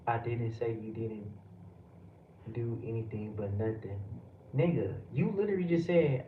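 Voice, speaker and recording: A man's voice: mid-range voice, measured pace. A man from the United States, a live streamer, ranting heatedly and profanely back at his chat. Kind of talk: livestream rant at chat. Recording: roomy, distant, dull lo-fi audio with background noise.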